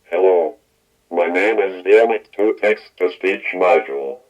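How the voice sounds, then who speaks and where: Ultron-like robot, flat synthetic voice. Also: male voice, low-pitched, a little slow. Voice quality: flat mechanical synthesized delivery. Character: menacing male robot voice built from a speech synthesizer. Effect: metallic flanger and reverb. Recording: dull lo-fi speaker playback.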